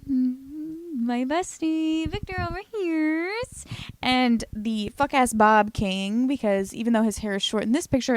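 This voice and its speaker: A woman recapping a TV series in a casual, comedic way. She swears freely, leans on "like" as filler and breaks into animated, louder stretches. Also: a little high, no room sound. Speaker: YouTube recap host.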